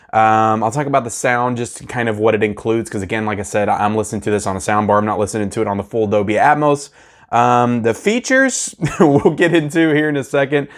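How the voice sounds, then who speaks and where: A man, chatting casually to viewers as he unboxes and reviews movies. He is excitable and repeats himself often. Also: medium pitch.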